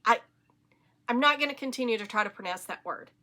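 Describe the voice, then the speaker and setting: Southern woman, podcast host, enthusiastic rambler, bright tone. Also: on the high side, lively intonation, a little fast. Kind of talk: casual chat.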